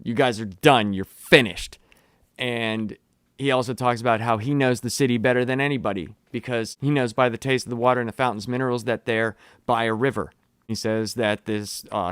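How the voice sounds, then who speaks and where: Animated man recapping a comic. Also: mid-range voice, smooth, dry recording, clean studio sound. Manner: animated, swears, acts out quotes. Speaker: comic book reviewer. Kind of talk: casual review with excited recaps.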